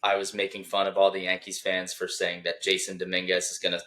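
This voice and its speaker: A man's voice: deep voice, completely flat delivery, fast talker, bright, forceful tone. A young man co-hosting a casual sports podcast, teasing his co-host and laughing as he reads tweets aloud. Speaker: podcast co-host, Philadelphia fan.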